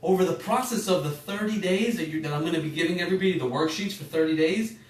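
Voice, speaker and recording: In a loose online class on emotions, an emotional intelligence teacher speaks fast in a slightly high voice, correcting himself mid-sentence and posing questions to listeners. He's some distance from the mic in an echoey room, with faint music and slight background noise.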